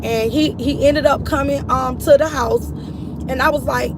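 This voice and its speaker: Middle-aged mother, testimony, high pitch with some fry, recorded outdoors with street traffic behind. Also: steady tone, moderate pace. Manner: earnest, repetitive storytelling, addresses listeners as y'all. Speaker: grieving mother sharing her story. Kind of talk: personal testimony to followers. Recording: outdoor street noise, vehicles passing.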